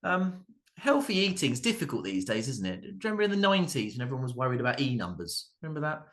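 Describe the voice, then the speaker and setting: A man in his thirties doing a stand-up set, halting and full of ums and restarts. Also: mid-range voice, sing-song, a bit bright. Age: 30s. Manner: hesitant, many ums and restarts. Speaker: stand-up comedian. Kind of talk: stand-up routine at an open mic.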